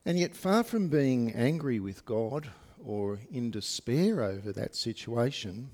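Gravelly-voiced male pastor. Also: medium pitch, a little mellow. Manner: conversational, with frequent fillers and asides to the congregation. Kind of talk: sermon. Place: church service.

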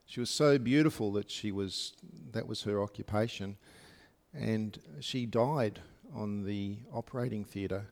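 Aussie guy preaching a sermon, gravelly, lots of ums, talks right to the congregation. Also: on the low side, unhurried, a little mellow. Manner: conversational, with frequent fillers and asides to the congregation. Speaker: pastor. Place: church service.

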